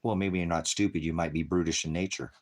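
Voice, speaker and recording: A man preaching on a livestream, berating viewers in his chat with constant profanity and swinging between shouting and muttering. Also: low-pitched, fairly even intonation, quick pace.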